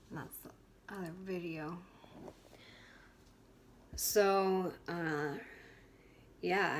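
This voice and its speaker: A woman's voice: fairly low pitch, a little hiss or hum. A woman in her twenties telling a personal story to camera in a frank, chatty way, with many fillers and restarts. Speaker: vlogger.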